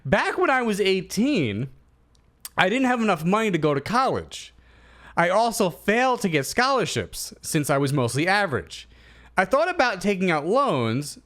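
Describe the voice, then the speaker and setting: Guy in his 30s on a comedy podcast, kinda high voice that jumps all over, animated storyteller. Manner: animated storyteller, acts out quotes. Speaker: podcast co-host. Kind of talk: casual comedic chat.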